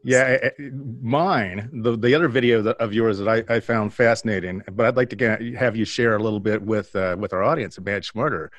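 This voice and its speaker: A man co-hosting an interview, asking questions in a halting, restarting way. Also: on the low side, fairly bright tone, no room sound, dull audio. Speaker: co-host. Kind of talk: casual interview chat.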